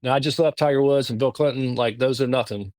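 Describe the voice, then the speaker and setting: A middle-aged man from the American South with a Southern accent, telling a story as a podcast guest in a halting, animated way. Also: mid-range voice, no room sound. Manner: animated, halting, lots of restarts. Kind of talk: casual storytelling.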